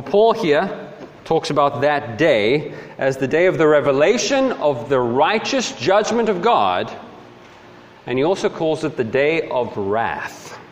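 Male preacher, slightly high voice, mocking impressions and stern asides, long reverb. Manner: mocks complainers in high mimicking voices, then drops low and stern. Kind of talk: sermon.

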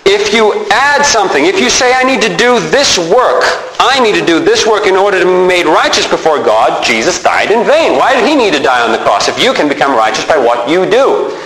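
A man preaching a sermon as pastor, animated and emphatic, often repeating himself as he stresses a point. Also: high voice, a little fast, hardly any pauses. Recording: echoey hall with long reverb.

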